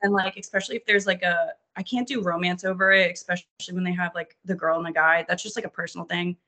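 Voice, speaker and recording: A woman from New Orleans chatting casually on a podcast, animated, swearing freely and acting out her own reactions as she talks. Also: lowish voice, fast.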